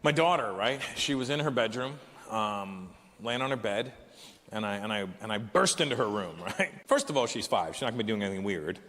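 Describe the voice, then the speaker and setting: A man in his forties performing a stand-up comedy set, telling stories animatedly with profanity and loud punchlines. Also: on the low side, lively intonation, a little fast. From Canada. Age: 40s. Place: large live venue. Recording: echoey hall with live crowd ambience.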